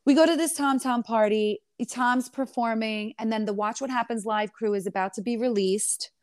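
Sassy, animated woman telling her side. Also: on the high side, normal speed, no room sound, clean studio sound. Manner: animated, sassy, calls listener honey. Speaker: reality TV star giving an interview. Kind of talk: candid storytelling interview.

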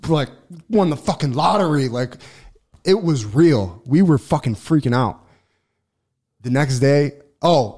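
A man telling a long personal story on a casual podcast, swearing freely, restarting sentences and getting loud when excited. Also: fairly high pitch. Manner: profane, rambling, lots of restarts and fillers; gets loud and excited when reliving events. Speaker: podcast co-host.

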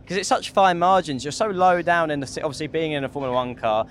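A young man, a racing driver guest, talking outdoors in a paddock in a rapid, rambling way with many restarts. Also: a little high, a little hiss or hum. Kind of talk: casual trackside chat.

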